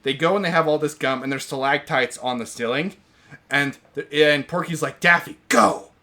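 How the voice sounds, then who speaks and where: A man's voice: a little high, moderate pace, bright, forceful tone. A man hosting a casual podcast, ranting in an exasperated, sarcastic way. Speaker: podcast host reviewing movies. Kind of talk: casual chat.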